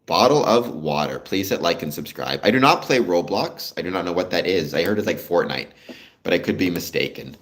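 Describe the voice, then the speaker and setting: A fairly low-voiced Canadian man with a lively, swinging delivery, chatting loosely through a livestream. He reads out viewer comments and answers them in a relaxed, conversational way. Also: a little fast. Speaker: livestream host. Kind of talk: casual live-stream chat with viewers.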